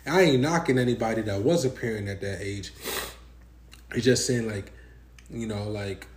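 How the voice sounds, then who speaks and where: A man's voice: on the low side, normal speed. A young man chatting casually in slangy, joking banter with a friend. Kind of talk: casual chat. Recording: echoey room, faint background noise.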